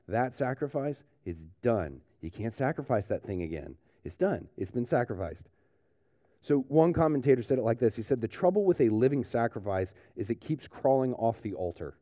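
A man preaching a sermon in a relaxed, conversational way, often dropping in "like" and "you know". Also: mid-range voice, no room sound, clean studio sound. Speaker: pastor. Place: church.

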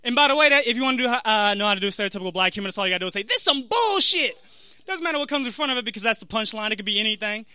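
A young adult man doing a stand-up comedy set, halting and self-deprecating with lots of fillers. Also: high-pitched, sharp tone, clear, resonant tone, no echo. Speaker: stand-up comic.

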